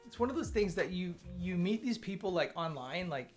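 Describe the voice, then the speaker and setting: A man with a high, animated voice hosts a live coding stream, talking a little fast as he chats casually and thinks aloud. He often stammers and repeats words, with faint chill music playing behind him.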